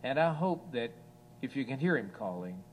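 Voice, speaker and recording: A man preaching an evening sermon to a church assembly, slow and earnest, rising in force on scripture quotes. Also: medium pitch, big pitch swings, slight background noise.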